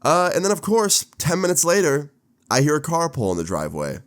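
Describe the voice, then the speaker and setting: A young man in his twenties telling a casual storytime, animated and swearing with laid-back slang. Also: a little high, brisk. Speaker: storytime vlogger.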